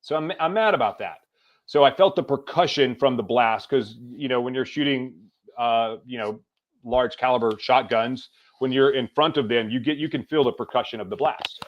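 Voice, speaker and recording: A middle-aged man, a podcast guest, tells a personal story in a casual, animated way and acts out the lines he quotes. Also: medium pitch, moderate pace, lo-fi sound.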